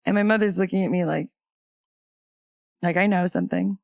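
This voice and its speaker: A woman's voice: lowish voice, steady tone, fairly quick, creaky, no room sound. A woman guest on a podcast telling a personal story of loss in casual conversation, candid, with wry humor breaking through the grief.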